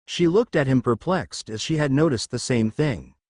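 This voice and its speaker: Dry, lively male story narrator. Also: mid-range voice, moderate pace, no echo. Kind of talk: scripted fan fiction narration.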